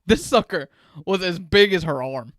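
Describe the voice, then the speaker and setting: A man, co-hosting a sports podcast and telling stories in an animated way with frequent chuckles. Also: high voice, normal speed, dry recording, clean studio sound. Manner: animated storyteller, chuckles often. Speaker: sports show co-host. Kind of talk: casual podcast chat.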